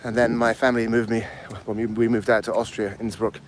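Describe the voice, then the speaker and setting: A man's voice: on the low side, level tone, fairly quick, a little hiss or hum. A man in his fifties with a mixed English accent, out of breath while walking uphill outdoors and chatting on a live stream. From England. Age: 50s. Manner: rambling, answers chat comments aloud. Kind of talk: casual live stream chat.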